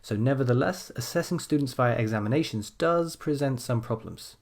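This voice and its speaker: A man teaching an essay-writing lesson, calmly explaining and stressing key phrases as he types. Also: medium pitch, fairly quick. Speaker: language teacher.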